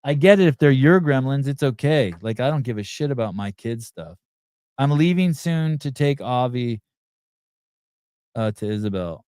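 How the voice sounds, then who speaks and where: A man's voice: medium pitch, expressive, moderate pace, a little mellow, clear, resonant tone, no room sound, studio quality. A middle-aged man hosting a podcast, rambling crudely and profanely while reading out chat comments. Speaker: podcast host. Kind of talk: crude off-the-cuff livestream chat.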